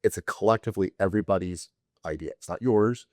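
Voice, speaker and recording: A man hosting an interview, talking in a halting way with many restarts. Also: low voice, no echo, studio quality. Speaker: podcast host. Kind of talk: conversational interview.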